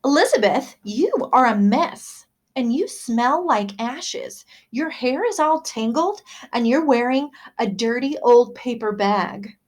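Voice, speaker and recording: A woman's voice: a little high, expressive, slow pace, few pauses. A woman voicing a vain, rude young prince in a storybook reading, with a haughty, scolding manner. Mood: snooty.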